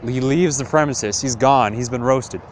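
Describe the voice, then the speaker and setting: A man's voice: medium pitch, normal speed, background noise. A young man retelling a classic tale as comedy, rambling and slangy with lots of fillers. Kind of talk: comic casual retelling.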